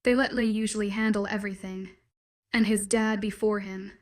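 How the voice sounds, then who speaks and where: A woman narrating a first-person werewolf story in a measured, dramatic inner-monologue style. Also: medium pitch, fairly even intonation.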